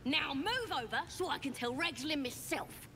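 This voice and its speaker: A woman's voice: sits high, expressive, normal speed, a bit bright, a little hiss or hum. An actress voicing a scrappy young female goblin in a video game, with a brash, bossy manner and an Australian-sounding accent.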